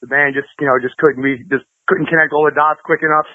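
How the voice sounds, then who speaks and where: A fast-talking man with a slightly high voice, rambling through his stories with many fillers and restarts. The sound is dry and tinny, like a phone call. He is a guest in a casual chat. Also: level tone, no room sound. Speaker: interview guest, guitarist.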